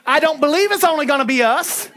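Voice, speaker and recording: A man, preaching a lively sermon with folksy asides and shouted lines. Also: very high-pitched, fast talker.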